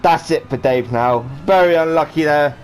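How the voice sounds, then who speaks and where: A man's voice: fairly high pitch, normal speed. A man giving rambling, jokey live commentary on a sim race he is also driving in, with a faint hum of game sound behind him. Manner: rambling, jokey, does silly voices for drivers.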